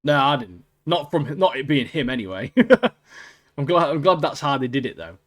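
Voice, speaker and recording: A man's voice: mid-range voice, big pitch swings, moderate pace. A man, co-hosting a podcast in casual chat, laughing often and calling people mate. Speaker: podcast co-host.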